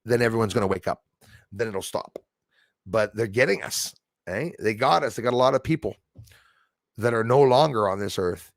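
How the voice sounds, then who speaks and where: A man's voice: fairly low pitch, moderate pace, vocal fry, long pauses, dry recording, clean studio sound. A man, hosting a casual livestream, chatting along and thanking viewers by name. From Canada. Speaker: livestream host. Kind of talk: casual livestream chat, reading viewer comments.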